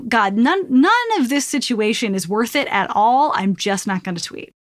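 A woman with a fairly high voice that swings up and down a lot talks through advice on a casual podcast. She is playful and animated and swears freely. The sound is close and dry. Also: normal speed, few pauses, no room sound.

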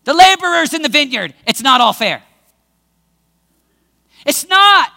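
A male preacher giving a dramatic sermon, acting out scenes and bursting into shouts, in a large hall with long reverb. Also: very high-pitched, very animated, a little slow, creaky.

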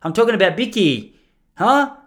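A man voicing a confident, forgetful old grandfather who gives loud orders in a mock European accent. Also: high-pitched, big pitch swings, normal speed, pitched above the performer's own voice. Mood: bossy. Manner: commanding, loud.

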